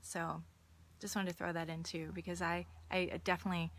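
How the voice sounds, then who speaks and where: A woman's voice: fairly low pitch, little pitch movement, fairly quick. A woman hosting a live stream, giving an earnest, casual motivational talk and telling personal stories, often restarting her words. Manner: earnest, warm-hearted, restarts words, storytelling.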